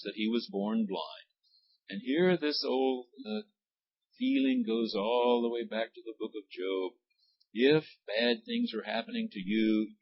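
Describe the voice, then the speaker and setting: A man leading a church Bible study, reading scripture aloud and pausing to explain words and their pronunciation. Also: on the high side, gravelly, breathy edge, lo-fi sound. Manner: reads passages aloud, then stops to explain words and pronunciation. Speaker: Bible study teacher, pastor. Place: church classroom.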